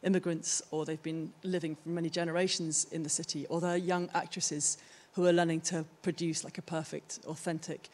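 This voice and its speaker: A woman's voice: low-pitched, little pitch movement, a little fast, hardly any pauses, a little mellow. A middle-aged woman giving a conference talk about her own art, thoughtful and searching for the right words. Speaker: artist presenting her work. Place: theatre stage.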